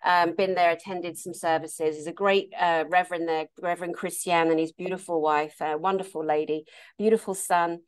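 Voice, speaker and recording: A woman therapist telling stories in a casual conversation, animated and laughing often. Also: lowish voice, moderate pace, smooth. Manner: animated, laughs often, acts out quoted voices. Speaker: therapist and meditation teacher.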